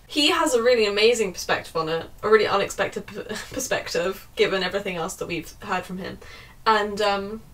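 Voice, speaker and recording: A woman's voice: medium pitch, fairly bright tone, far from the mic. A young woman ranting sarcastically and swearing freely while reviewing a book.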